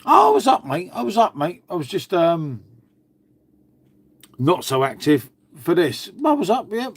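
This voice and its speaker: A man's voice: a little high, darkish tone. A man, from England, hosting a casual live stream, rambling and swearing, calling everyone "mate". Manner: rambling, swears a lot, says "mate" constantly. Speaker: livestream host.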